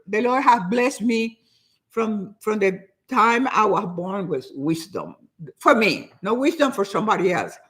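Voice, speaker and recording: An older woman giving a motivational talk in an animated, preachy way, often repeating herself for emphasis. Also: mid-range voice, measured pace. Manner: acts out other people's nagging voices. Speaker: motivational speaker.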